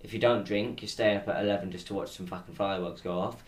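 A man's voice: low-pitched, fairly even intonation, quick pace. A British man hosting a solo podcast, ranting with sarcasm and frequent swearing. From United Kingdom. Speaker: podcast host. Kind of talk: casual solo podcast rant.

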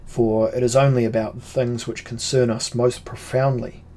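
A man narrating a fantasy audiobook in a measured, unhurried storytelling manner. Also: medium pitch, little pitch movement, warm tone, slight background noise.

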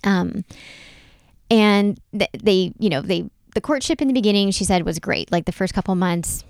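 A woman's voice: medium pitch, moderate pace, no echo. A woman co-hosting a podcast, summarizing in casual chat full of "like" and "um". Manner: chatty, lots of "like" and "um" fillers. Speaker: podcast co-host.

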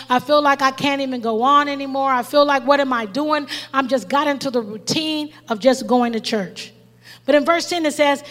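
A woman preaching a sermon, impassioned and calling out to the congregation. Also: high-pitched. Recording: long reverb.

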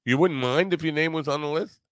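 A man's voice: fairly high pitch, fast talker, a crowd in the background. A man hosting a podcast in casual chat, rambling, laughing often and swearing now and then. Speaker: podcast host.

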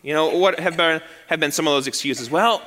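A man preaches an animated sermon, his voice high and forceful. He slips into quick quoted voices to act out excuses. The sound carries a long reverb from the church sanctuary. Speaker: pastor.

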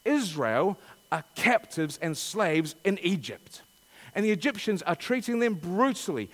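Man, preacher, sermon, high-pitched, lively swings, long hall reverb. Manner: animated, rhetorical questions, dramatic readings.

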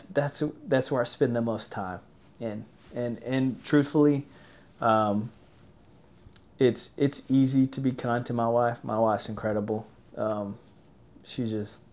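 A man in his thirties with a mid-range voice, chatting as a guest on a podcast. He talks earnestly about faith and family, in a relaxed, conversational way. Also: medium pitch. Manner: earnest, faith-focused talk. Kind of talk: casual chat.

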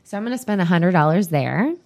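A woman's voice: lowish voice, lively intonation, fast, darkish tone. A woman co-hosting a podcast, chatting casually and rambling as she reads items off a list. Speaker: podcast co-host. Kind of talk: casual chat.

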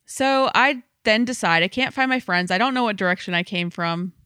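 A bright-voiced woman tells a wild night-out story on a podcast, acting out every line with lots of "like". The sound is dry and close. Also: medium pitch, moderate pace, clean tone, dry recording. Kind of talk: casual storytelling chat.

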